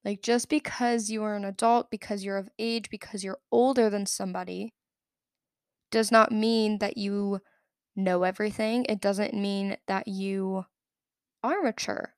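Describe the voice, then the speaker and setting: A woman's voice: mid-range voice, fairly even intonation, measured pace, smooth, dry recording, clean studio sound. A young adult woman hosting a solo podcast, telling a story in a chatty, opinionated way full of filler words. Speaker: podcast host. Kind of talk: casual solo podcast chat.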